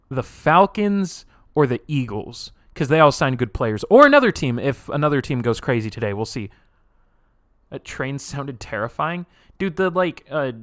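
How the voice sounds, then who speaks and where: A young man live streaming, reacting and reading chat aloud in an excitable way, laughing often and swearing casually. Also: medium pitch, dry recording, studio quality.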